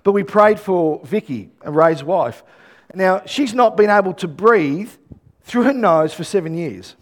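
High-voiced man preaching animatedly. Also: unhurried. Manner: animated, acts out quoted dialogue, shouts emphasis. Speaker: pastor. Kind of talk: sermon.

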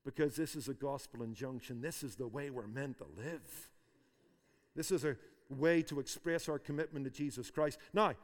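A man's voice: fairly high pitch, long reverb tail. A man preaching a sermon, emphatic, repeating phrases for force. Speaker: pastor.

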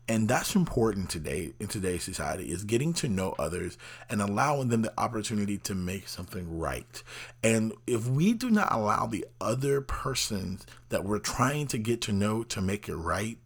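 A man's voice: on the low side, expressive, normal speed. A man hosting a casual motivational talk, rambling conversationally and acting out little quoted exchanges. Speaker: host.

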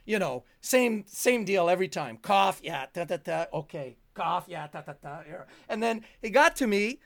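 Older guy as a rambling, chuckling guest storyteller; slightly high voice, dry close sound. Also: lively intonation, normal speed, vocal fry, dry recording. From Canada. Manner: rambling, chuckling, full of fillers. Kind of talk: storytelling in a conversation.

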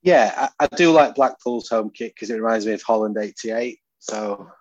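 A man's voice: lowish voice, normal speed, no room sound. A man with a South London accent, chatting casually about football as a podcast guest. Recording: dull lo-fi sound.

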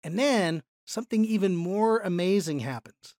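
A man teaching a Bible lesson, explaining verses slowly and deliberately and lifting his voice for emphasis. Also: high voice, darkish tone, no room sound, clean studio sound. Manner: explanatory, slow and deliberate, voice lifts when emphasizing.

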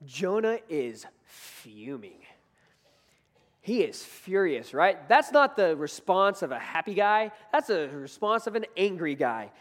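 A man's voice: high voice, expressive, a little slow, long reverb tail. A man preaching a sermon in an earnest, conversational way, building to emphatic points.

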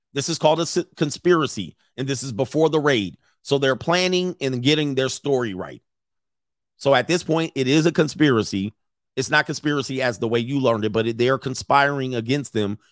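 Guy doing blunt reaction commentary, reads texts out slow, mid pitch, dry room. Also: no echo. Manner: blunt, reads messages aloud slowly then comments. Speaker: commentator reacting to online posts.

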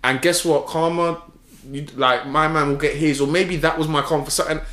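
A man telling a story in casual chat, slangy and animated, acting out the dialogue. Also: on the high side, brisk. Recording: echoey room.

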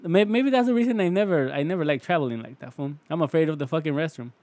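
A man's voice: a little high, quick pace, a little mellow, dry recording. A man co-hosting a podcast, telling crude stories, stammering and ending his lines with slang. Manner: profane, stammers and repeats words, ends lines with fool. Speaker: podcast co-host. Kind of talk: crude casual storytelling.

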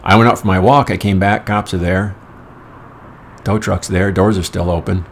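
Gravelly deep-voiced man telling stories. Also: steady tone, normal speed, a little hiss or hum. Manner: rambling, wry and profane. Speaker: storyteller. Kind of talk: casual anecdotal monologue.

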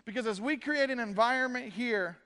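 A man preaching as a pastor in a church, casual and joking, slipping into quick quoted asides. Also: extremely high pitch, sharp tone, in a large hall. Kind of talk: casual sermon. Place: church sanctuary.

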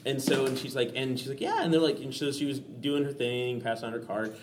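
A man in his thirties, the host of a casual podcast, who rambles through his stories with plenty of fillers and easy laughter. His voice has a mid pitch, with a faint hiss of background noise. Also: steady tone, a little fast. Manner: rambling storyteller, full of fillers, laughs often.

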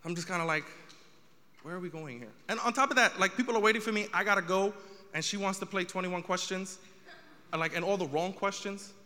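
A man's voice: sits high, brisk, bright, forceful tone, big-room sound. A young man doing a stand-up comedy set, telling a story with rising exasperation.

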